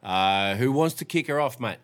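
A man's voice: mid-range voice, lively intonation, normal speed, fairly bright tone, smooth. An Australian man hosting a podcast, talking in loose, rambling, profane banter. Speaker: podcast host.

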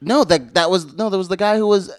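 A man co-hosting a casual sports podcast, asking quick skeptical questions. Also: sits high, dry recording, clean studio sound. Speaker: podcast co-host.

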